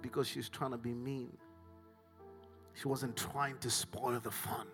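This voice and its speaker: A middle-aged man with a Southern African accent preaches a sermon. His voice is bright and forceful, and he moves between near-whispers and shouted peaks. Soft music plays faintly behind him. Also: mid-range voice, steady tone, slow, long pauses. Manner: swings from hushed whispers to shouted climaxes. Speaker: pastor.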